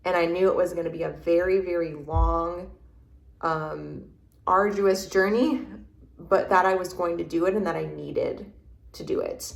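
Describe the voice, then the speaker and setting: A woman with a lowish voice recounts a personal experience as an interview guest. She halts and restarts often while searching for words. The room around her sounds echoey. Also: steady tone, measured pace, vocal fry. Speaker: podcast guest. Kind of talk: reflective interview storytelling. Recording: roomy echo.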